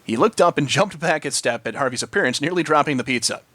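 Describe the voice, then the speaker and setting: A man's voice: fairly high pitch, animated, fast, pushed and bright, no room sound. A man reading a story aloud, narrating expressively. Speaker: story reader.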